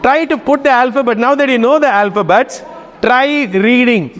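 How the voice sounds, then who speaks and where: A man's voice: extremely high pitch, moderate pace, fairly bright tone, in a large hall. A man teaching a Greek class, giving instructions and often checking in with his students. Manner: instructive, keeps checking in with "okay?". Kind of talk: classroom lesson.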